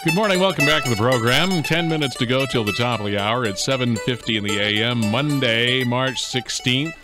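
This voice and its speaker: A man's voice: medium pitch, moderate pace, over music. A man hosting a morning radio show, chatty and joking as he interviews a guest. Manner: chatty, joking, self-deprecating.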